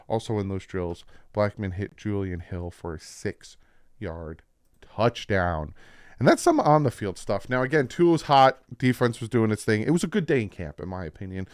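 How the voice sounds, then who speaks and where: A man with a New Jersey accent casually breaking down football practice clips as a channel host, explaining plays with excitement. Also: fairly low pitch, normal speed, clean tone, no room sound. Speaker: sports commentator.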